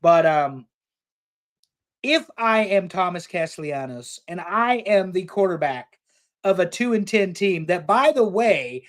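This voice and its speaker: A man's voice: high-pitched, animated, measured pace. A man co-hosting a casual sports talk stream, opinionated and joking, cursing casually. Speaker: podcast co-host.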